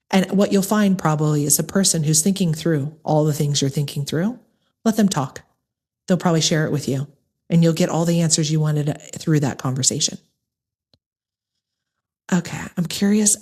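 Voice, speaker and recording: Woman, middle-aged, American accent, low voice, podcast host, candid, earnest, direct address. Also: darkish tone. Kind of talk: personal monologue to listeners.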